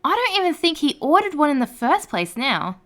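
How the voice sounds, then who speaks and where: A woman narrating online stories aloud in a lively storytelling read. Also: sits high, brisk.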